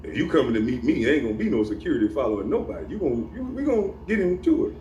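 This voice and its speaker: A man's voice: medium pitch, big pitch swings, racing, warm tone, slight background noise. Taunting man ranting, off-mic echo. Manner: profane, taunting, laughs at his own jabs. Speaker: vlogger. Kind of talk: confrontational rant to camera. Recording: echoey room, off-mic, faint ambience.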